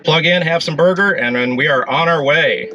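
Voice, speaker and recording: A man's voice: fairly high pitch, normal speed, bright, forceful tone, dull audio, slight background noise. Chatty middle-aged man vlogging from his car. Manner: chatty and upbeat, many fillers. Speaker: vlog host. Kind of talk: casual travel vlog. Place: in and around a car at a charging station.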